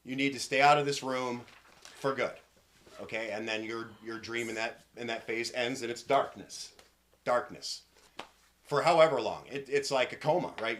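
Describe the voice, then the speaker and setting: A man running a tabletop game as game master, improvising the story with halting restarts and fillers. His voice has a bright, sharp edge and sits at an ordinary male pitch.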